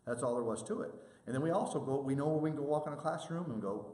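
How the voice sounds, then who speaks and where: A man's voice: medium pitch, quick pace, echoey room. A man giving a presentation to sports officials, telling stories and acting out the people he quotes. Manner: animated storytelling, acts out quoted people.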